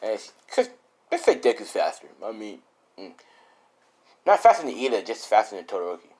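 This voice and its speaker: A man's voice: on the low side, huge pitch swings, normal speed, a little mellow. Rambling man telling a fan story. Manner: rambling, full of fillers. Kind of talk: improvised fan-story narration.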